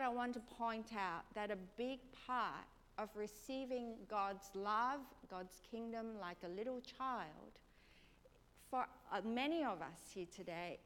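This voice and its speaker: A woman preacher leading a congregation through a gentle guided prayer meditation, asking soft questions. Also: mid-range voice. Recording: long reverb of a large hall, faint noise.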